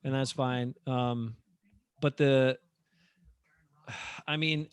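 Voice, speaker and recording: A man's voice: mid-range voice, steady tone, extremely slow, smooth, dry recording. Opinionated man in a dry room. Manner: opinionated, rambling with fillers. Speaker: podcast co-host. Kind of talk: casual sports chat.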